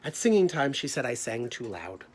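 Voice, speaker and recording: A grumpy young boy sulks through his storybook misfortunes, loud and exasperated, as a man reads him aloud. The voice sits in an ordinary middle pitch. There is a faint hiss behind it. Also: very animated, normal speed, natural voice. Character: grumpy young boy having a bad day. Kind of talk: reading a picture book aloud.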